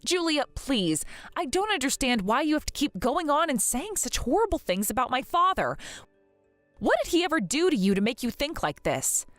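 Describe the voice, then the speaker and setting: A woman voicing a grieving young wife in an animated story drama who talks in an earnest, pleading, wounded way. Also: high-pitched, moderate pace, no room sound, faint music behind. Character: grieving young wife hurt by her in-laws.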